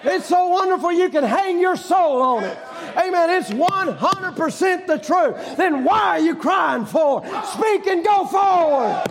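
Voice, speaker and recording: A man preaching a fiery sermon, shouting emphatically and hammering home repeated rhetorical questions. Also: very high voice, lively intonation, a little slow, hardly any pauses, a faint crowd.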